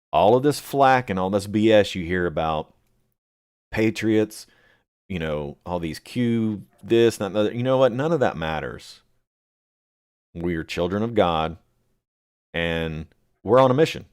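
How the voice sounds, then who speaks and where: A man hosting a live chat, answering viewers by name and rambling with many pauses and fillers. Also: low-pitched, darkish tone, smooth. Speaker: livestream host reading chat.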